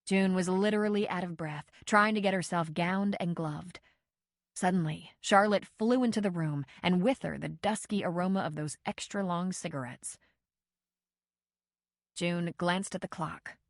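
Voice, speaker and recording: A woman narrates a novel in a steady, measured way. Her voice sits a little low for a woman. The studio recording is dry and close, with no room sound. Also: dry recording. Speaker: audiobook narrator. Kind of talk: scripted narration.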